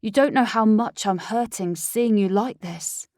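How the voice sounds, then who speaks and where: A woman voicing a cold, dismissive young male werewolf heir in an audiobook, with a slightly creaky voice. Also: mid-range voice, a little slow, dark tone, no echo, clean studio sound, close to an everyday voice. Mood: scornful. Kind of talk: audiobook character voice.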